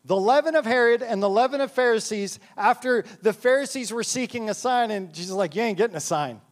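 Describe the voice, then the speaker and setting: Guy preaching hard, pretty high voice for a man, all fired up. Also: fairly quick. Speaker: pastor. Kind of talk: sermon with scripture reading.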